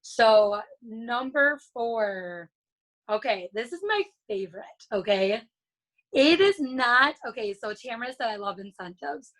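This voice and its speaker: An earnest, chatty woman giving a casual motivational talk as a guest speaker over a video call, with lots of fillers and restarts. Her voice sits a little high. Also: expressive, takes it slowly, fairly bright tone, poor audio.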